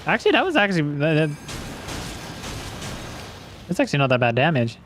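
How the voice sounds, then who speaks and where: A man's voice: fairly high pitch, wildly swooping pitch, fairly quick, over music. A young man giving casual, rambling let's-play commentary as a gaming streamer, swearing freely and slipping into silly voices.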